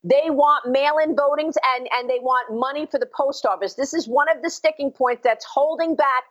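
A woman news anchor presses her guest with insistent questions. Her voice sits high, and the clip sounds dull and lo-fi. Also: normal speed. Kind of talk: TV interviewing.

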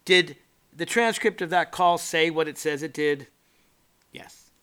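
Bright-voiced talk host. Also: male voice, on the high side, measured pace, clean tone. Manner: emphatic, mocking mimicry of the accused. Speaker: political talk show host. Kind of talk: scripted political commentary.

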